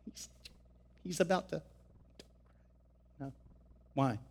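Preacher man, fervent and booming. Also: slow pace, slightly rough. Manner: swings from loud shouted exhortation to quiet intimate teaching. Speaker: pastor. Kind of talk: sermon.

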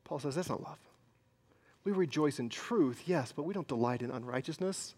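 High-voiced preacher, loud to hushed. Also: male voice, lively intonation, moderate pace. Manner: swings between loud emphasis and hushed near-whispers. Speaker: pastor. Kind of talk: sermon.

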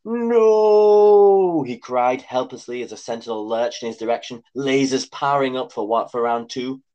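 A man's voice: medium pitch, little pitch movement, a little fast, muffled recording. A man reading his own comic story aloud with dry, wry asides. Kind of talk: comic scripted narration.

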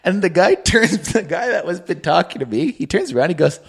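A man co-hosting a podcast, telling a story in an animated way and acting out the people in it. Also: sits high, fairly quick, creaky, slightly rough. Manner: animated, acts out voices in his stories. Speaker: podcast co-host. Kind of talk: casual anecdotal storytelling.

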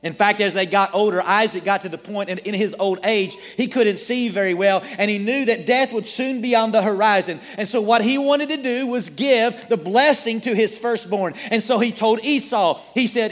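A man with a high voice preaches a sermon in a church sanctuary, telling the story with plenty of rhetorical questions thrown at his listeners. His voice rings out with a long reverb tail, as if filling a large hall. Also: moderate pace, hardly any pauses, fairly bright tone. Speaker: pastor.

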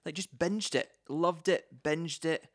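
A man co-hosting a podcast in casual chat, relaxed and giggly, often restarting his sentences. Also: on the high side, slow, dry recording, studio quality. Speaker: podcast co-host.

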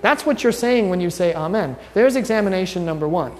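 A man with a high, expressive voice and a slightly fast pace, a pastor, teaches his congregation conversationally, quizzing them with informal wryness. The church sanctuary adds long reverb to the recording.

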